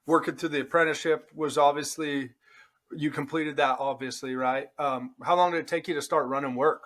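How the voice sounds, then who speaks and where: A man with a fairly high voice hosts a casual podcast interview. He talks informally and carefully qualifies his opinions before making them. He keeps checking in with his guest by asking "right?". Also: steady tone, brisk, fairly bright tone. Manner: hedging, qualifies his points, tags lines with "right?". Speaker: podcast host.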